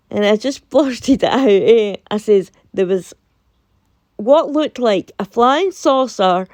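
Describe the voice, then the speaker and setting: A woman's voice: a little high, no room sound, clean studio sound. A woman with a Scottish accent, casually telling a storytime tale and acting out both sides of a conversation. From Scotland. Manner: animated, quotes herself and her friend in dialogue.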